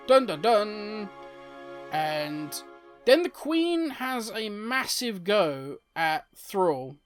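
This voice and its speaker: A man hosting a casual, opinionated commentary on game lore, often exasperated. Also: sits high.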